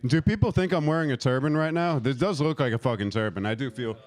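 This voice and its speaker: A man's voice: fairly high pitch, lively intonation, quick pace, a little mellow. A man in his thirties doing a profane, rambling stand-up set, laughing at his own jokes and working the crowd. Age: 30s. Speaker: stand-up comic.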